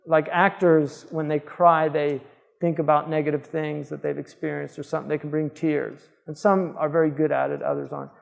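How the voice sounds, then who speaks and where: A man's voice: on the high side, gravelly, long reverb tail. A man, a scholar, giving an informal lecture in a conversational, digressive way with frequent fillers. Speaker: Islamic scholar teaching.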